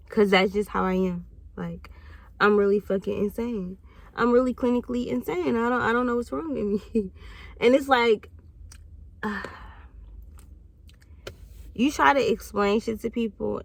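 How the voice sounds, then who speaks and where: A woman in her thirties hosts a candid vlog monologue, speaking bluntly and reflectively and swearing freely. Her voice is mid-range, with no room sound.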